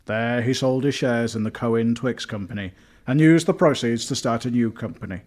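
A man telling a comic story in deadpan, mock-epic narration, with music behind. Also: medium pitch, normal speed.

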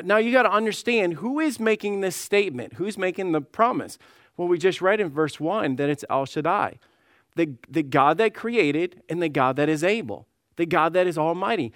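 A man's voice: a little high, fairly bright tone, no echo, studio quality. A man preaching a sermon as lead pastor, reading scripture aloud and often repeating words as he presses his point. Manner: repeats words when emphatic, voices God and Sarah in quotes; reads scripture in old-style wording.

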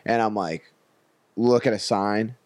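A man's voice: lowish voice, a little slow, a little mellow, no echo. Rambling young comedian man, dry sound. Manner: rambling, filler-heavy, with many "like" and "you know". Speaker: stand-up comedian guest. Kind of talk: casual storytelling in a podcast chat.

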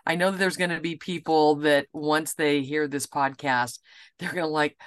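A woman's voice: low voice, steady tone, clear, resonant tone. A woman hosting a podcast interview, offering short affirmations and often restarting her sentences as she asks questions. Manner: warm affirmations, halting restarts. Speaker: podcast host.

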